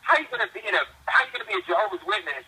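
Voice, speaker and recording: A man's voice: extremely high pitch, racing, vocal fry. A man telling stories over a phone call in a rambling way, restarting his sentences often and acting out the people in them. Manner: rambling, with many restarts and repeated words; animated, acts out quoted people, laughs while telling. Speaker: co-host of a phone chat show. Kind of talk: casual storytelling over the phone.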